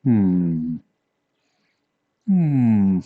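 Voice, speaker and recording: A man's voice: lowish voice, sing-song, drawn-out words, no echo, phone-quality sound. A man streaming casually from home, playful and giggling often as he chats.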